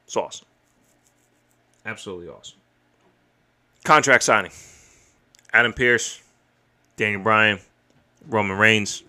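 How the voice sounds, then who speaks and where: A man hosting a podcast, recapping a wrestling show in casual, excited, profane chat. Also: lowish voice, measured pace, pauses often. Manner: excited, profane, recounts and quotes matches. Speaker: podcast host. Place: home streaming setup.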